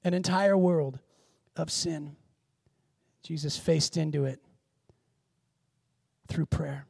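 A man preaching a sermon as pastor, swinging from hushed, quiet stretches to loud exclamations. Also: a little high, slow, gravelly, long pauses, slightly rough, dry recording, studio quality. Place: church in Seattle.

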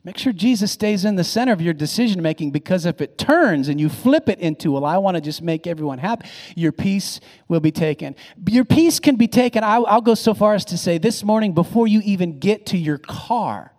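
A high-voiced male pastor preaching to his congregation, with phrases that rise and swell as he presses each point. He often repeats and restarts words mid-sentence. His voice rings out with a long reverb in a big church hall. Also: animated, brisk, few pauses, darkish tone. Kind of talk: sermon.

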